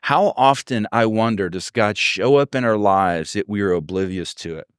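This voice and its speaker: A man's voice: fairly low pitch, normal speed, clear, resonant tone, no echo, clean studio sound. A man preaching a sermon as pastor, telling stories and acting out the voices of people he quotes. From Texas. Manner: storytelling, acts out quoted voices.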